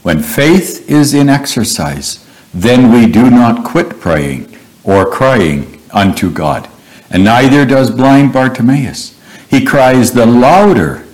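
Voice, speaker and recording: A man preaching a sermon, retelling Bible stories in a slow, measured, earnest way. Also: medium pitch, animated, a little mellow, poor audio.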